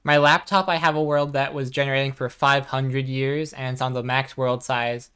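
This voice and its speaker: A woman with a low, soft voice chats her way through a live game stream. She talks loosely and warmly to her chat, reading their messages aloud into a desk microphone. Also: little pitch movement, moderate pace, smooth. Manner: chatty, soft-spoken, reads chat aloud. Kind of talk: casual live gaming chat.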